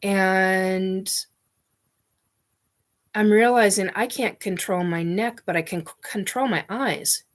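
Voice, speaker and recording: A woman's voice: mid-range voice, slow pace, pauses often. A woman host telling a personal story bluntly, with frequent restarts and casual swearing.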